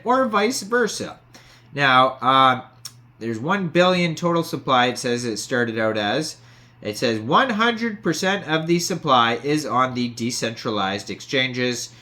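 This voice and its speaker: A man's voice: mid-range voice, very animated, a little slow, pushed and bright. A man hosting a crypto video, casually walking through web pages and reading out figures with frequent "uh" fillers. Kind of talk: casual screen walkthrough narration.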